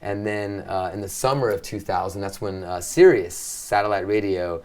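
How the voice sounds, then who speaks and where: A middle-aged man from the US–Mexico border region, casually telling an excitable, profane story in a chat and acting out the voices in his quotes. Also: lowish voice, moderate pace. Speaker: guest.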